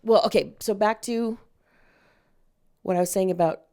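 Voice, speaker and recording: A woman voice actress chats as a podcast guest, with a mid-range voice for a woman. She tells her stories in an animated, expressive way, swinging her pitch high for emphasis. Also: moderate pace. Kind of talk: casual podcast chat.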